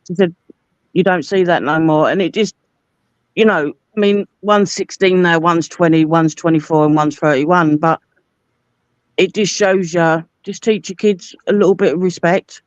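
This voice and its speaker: A woman's voice: lowish voice, normal speed, dry recording, highs cut off. A Cockney woman in her forties, telling chatty personal stories in a casual conversation. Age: 40s. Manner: chatty anecdotal storyteller. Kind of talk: casual chat.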